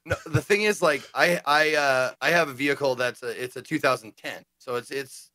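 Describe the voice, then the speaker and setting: A man's voice: medium pitch, normal speed, sharp tone, no room sound, studio quality. A man co-hosting a casual gaming talk show, playful and prone to mock announcer voices. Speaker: co-host. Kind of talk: casual chat.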